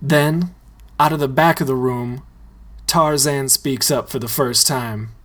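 A man narrating a comedic story in a deadpan way, sometimes breaking into laughs. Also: medium pitch, measured pace. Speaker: story reader.

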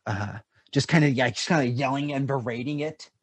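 A man's voice: medium pitch, a little fast, husky, no echo. Rambling male game master, dry sound. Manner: rambling, many fillers. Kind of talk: narrating a tabletop game.

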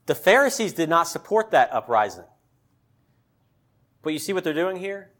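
A male pastor preaching a sermon, emphatic, with loud peaks and pointed questions to the congregation. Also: fairly high pitch, very animated, moderate pace.

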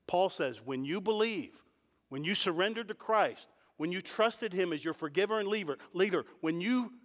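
A man pastor preaching a sermon, explaining verses and building to emphatic points. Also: in a large hall. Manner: emphatic preaching, rising in pitch and volume at key points.

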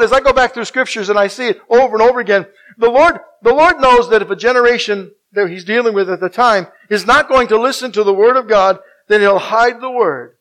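A man preaching a sermon as pastor, emphatic and preachy, slowing down to stress scripture and asking the congregation to finish verses. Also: high-pitched, fairly bright tone.

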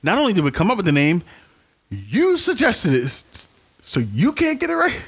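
A man co-hosting a podcast, chatting casually, teasing his partner and laughing often, now and then jumping into a falsetto. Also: huge pitch swings, moderate pace, husky. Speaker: podcast co-host. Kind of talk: casual banter.

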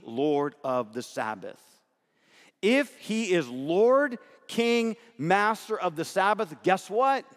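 A man preaching a sermon, emphatic and often checking in with "right?", stretching out key words for stress. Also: high voice. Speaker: pastor. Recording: long hall reverb.

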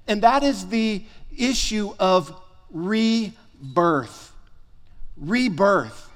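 A man preaching a sermon as pastor, emphatic and fond of repeating phrases for stress. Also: extremely high pitch. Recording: long reverb of a hall.

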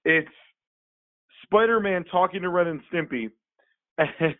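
A man co-hosting a podcast, retelling a comic in a rambling, animated way with many fillers. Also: high-pitched, slow, no echo. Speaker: podcast co-host. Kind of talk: casual chat. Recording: phone-like, dry sound.

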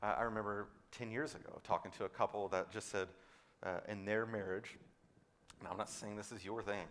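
A male pastor gives a sermon a little fast, with fairly even intonation. He switches between loud, emphatic proclamations and soft, low asides, and repeats words to stress a point.

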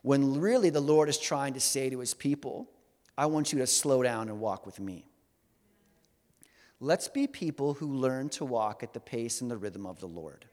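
A man's voice: medium pitch, lively intonation, moderate pace, a little mellow. A man preaching a sermon in a conversational, humorous way, often asking the congregation questions. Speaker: pastor. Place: church hall with congregation. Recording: long hall reverb.

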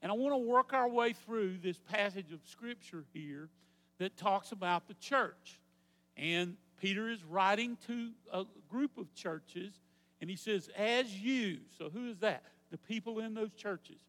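High-voiced pastor preaching in a hall. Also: male voice, animated, measured pace, fairly bright tone. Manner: teaching, asks congregation to repeat words. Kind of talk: sermon. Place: church sanctuary.

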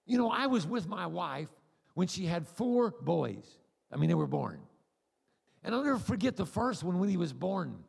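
A high-pitched, gravelly man preaching in a large church hall, his voice trailing off into long reverb. He tells his stories with a rambling, jokey energy and acts out the people in them. He is a middle-aged preacher from the United States. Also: normal speed. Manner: animated, acts out voices and cries; humorous, rambling asides. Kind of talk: sermon with storytelling.

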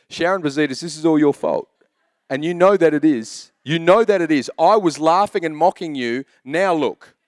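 A man's voice: on the high side, moderate pace, dry recording, studio quality. A man in his thirties preaching a sermon as pastor, telling jokey stories in a chatty way. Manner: chatty, joking storyteller.

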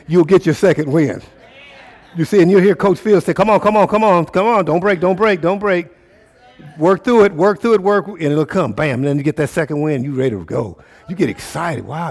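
A male pastor preaching a sermon, calling out to the congregation and swinging between shouts and low murmurs. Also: in a large hall. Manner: preaching with call-and-response, rising and falling intensity.

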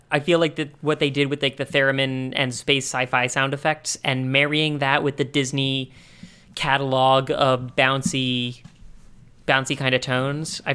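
Man, podcast co-host, smooth clear voice, wry asides, mid pitch. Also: fairly even intonation, a little slow, bright, forceful tone. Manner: thinks aloud. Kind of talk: casual podcast chat.

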